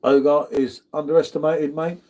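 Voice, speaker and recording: A man's voice: a little high, little pitch movement, a little fast, dark tone. A man hosting a casual livestream, reading out viewer comments and greeting viewers in a chatty way, calling everyone "mate". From United Kingdom. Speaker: livestream host.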